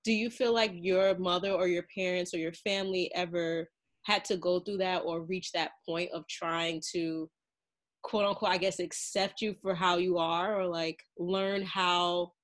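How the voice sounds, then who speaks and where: Low-pitched female podcast host, casual, filler-heavy questioning. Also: fairly bright tone. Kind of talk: casual interview.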